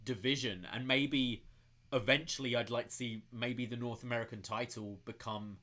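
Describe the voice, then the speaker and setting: A man co-hosting a podcast, giving relaxed, opinionated takes with frequent fillers. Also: mid-range voice, moderate pace. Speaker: podcast co-host. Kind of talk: casual wrestling discussion.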